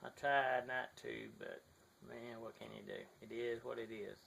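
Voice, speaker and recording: A slight hiss or hum sits under this Southern man's creaky, somewhat bright medium-pitched voice, delivered at a moderate pace with fairly even intonation. Filming his models on a shaky handheld camera outside his garage in the sun, he rambles apologetically and self-deprecatingly, using lots of fillers, in a thick Southern US accent.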